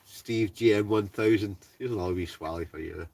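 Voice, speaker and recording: A man's voice: fairly low pitch, fairly quick, creaky, a little mellow, far from the mic. A man with a Scottish accent from Ayrshire, casually chatting and laughing as he reads out viewer names on a livestream from his heated tent. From Scotland. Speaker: wild camping livestreamer reading chat. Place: inside a heated tent in the snow.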